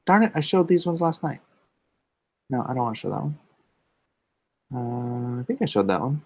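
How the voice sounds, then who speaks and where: A man with a gravelly, creaky voice hosts a relaxed livestream, reading chat questions aloud and answering offhandedly. He mutters quiet asides while fiddling with his setup, and the sound is close and dry. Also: mid-range voice, normal speed, no echo. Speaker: comic artist hosting a livestream.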